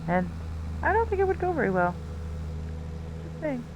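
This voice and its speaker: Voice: sits high, big pitch swings, moderate pace, lo-fi sound, noisy background. A live streamer giving casual gameplay commentary, chatting to themself and tossing in playful silly words.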